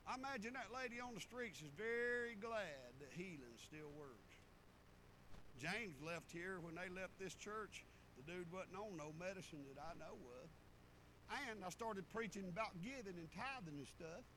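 A man's voice: sits high, lively intonation, moderate pace, pushed and bright, a little hiss or hum, low-quality recording. A middle-aged man, a pastor preaching a sermon in a folksy storytelling way with rural turns of phrase.

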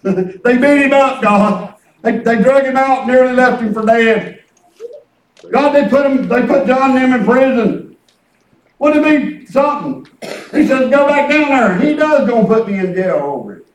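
A man's voice: very high voice, lively intonation, normal speed. A man preaching a fervent, folksy sermon, mixing humor and repetition. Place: church sanctuary. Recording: echoey church, mic at a distance.

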